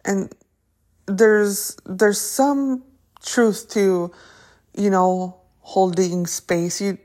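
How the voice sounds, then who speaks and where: A woman's voice: mid-range voice, steady tone, drawn-out words, a little mellow. A woman hosting a podcast, giving a casual motivational pep talk in a chatty, upbeat way, often tossing in "right?" and a few Spanish words. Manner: restarts and fillers, many "right?" and "okay?". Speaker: podcast host.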